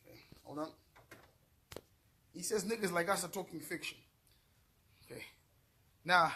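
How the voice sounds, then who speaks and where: A man's voice: high-pitched, unhurried, pauses often, sharp tone, breathy edge. A middle-aged man from Zimbabwe ranting to camera in a vlog, profane, repetitive and heated. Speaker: vlogger. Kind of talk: angry rant to camera.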